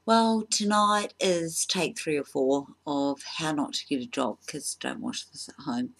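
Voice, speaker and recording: Low, slow New woman. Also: creaky, fairly bright tone. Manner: self-deprecating, halting with ums. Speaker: vlogger. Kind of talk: casual comedy vlog.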